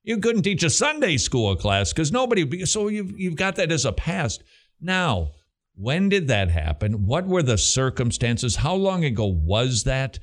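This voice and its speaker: A man's voice: on the high side, big pitch swings, measured pace. A middle-aged man with a Southern American accent, hosting a Christian question-and-answer radio show with an emphatic, preacherly delivery.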